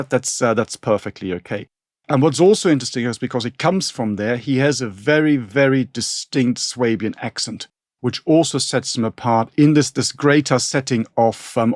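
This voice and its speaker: Co-hosting a casual history podcast, a man from northern Germany speaks at normal speed in a medium-pitched voice. German is his first language, the studio recording is clean with no room sound, and he rambles with frequent restarts and asides.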